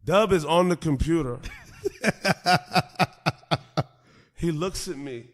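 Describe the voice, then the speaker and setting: A man in his twenties, a podcast host telling a story in a casual, animated way, swearing freely and laughing often. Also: fairly high pitch, slow pace.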